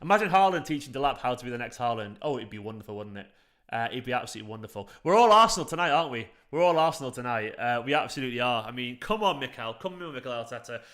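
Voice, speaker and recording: A young adult man hosting a football fan live stream, chatty and excitable, swearing casually as he reads the chat. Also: mid-range voice.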